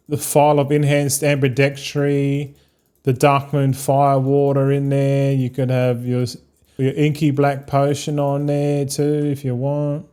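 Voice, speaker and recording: A man's voice: medium pitch, dark tone, clean tone. An Australian man in his thirties, streaming a game and chatting casually with viewers in a rambling, laid-back way, swearing freely. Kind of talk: casual live-stream chat.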